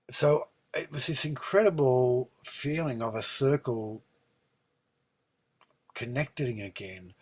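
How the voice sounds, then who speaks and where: Australian man telling stories, full of ums. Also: mid-range voice. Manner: warm rambling storyteller, many ums and restarts, lively when recounting. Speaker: interview guest, singer-songwriter. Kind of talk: relaxed storytelling conversation.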